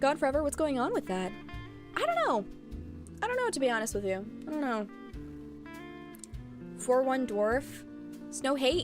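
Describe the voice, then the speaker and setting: A woman streamer chatting casually with her viewers, animated and blunt, laughing often. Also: sits high, normal speed, pauses often, faint music behind.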